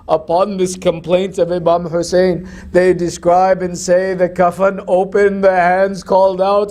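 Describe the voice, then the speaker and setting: Male preacher, very high pitch, impassioned grieving sermon narration. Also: little pitch movement, unhurried, hardly any pauses, a little mellow. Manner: impassioned, grief-laden storytelling. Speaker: religious lecturer.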